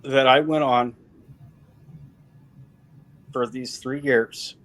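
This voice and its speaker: A man's voice: medium pitch, steady tone, drawn-out words, a bit bright, a little hiss or hum, poor audio. A middle-aged man giving a personal faith testimony as an interview guest, telling it emphatically and repeating phrases for weight.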